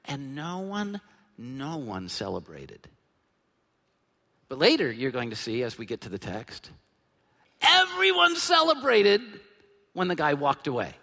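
A man in his fifties preaching a sermon as pastor, emphatic and animated, dropping to a hush and then bursting out loud. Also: on the high side, a little slow, creaky, pauses often. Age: 50s. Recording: long hall reverb.

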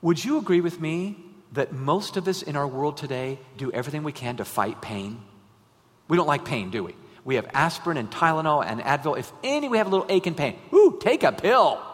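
A man's voice: fairly high pitch, a little fast. Conversational male preacher in a reverberant hall. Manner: animated, conversational preaching with rhetorical questions. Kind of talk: sermon. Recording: long reverb of a large hall.

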